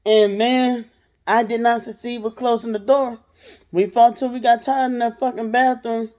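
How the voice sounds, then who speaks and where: A young adult woman telling a profane, animated storytime rant as a vlogger, laughing and acting out voices. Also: on the high side, normal speed.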